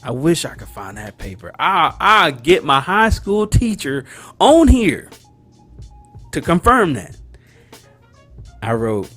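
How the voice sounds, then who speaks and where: An expressive man tells a story on his podcast, his pitch swinging up and down. He talks in a loose, slangy way and plays out each exchange. Faint music sits behind him. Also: slow pace, long pauses. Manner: animated, acts out dialogue and reactions; slangy, conversational. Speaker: podcast host. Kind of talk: casual storytelling.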